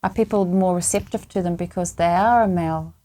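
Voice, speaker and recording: A woman in a casual group chat, speaking in a thoughtful, measured way. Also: lowish voice, warm tone. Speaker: podcast co-host.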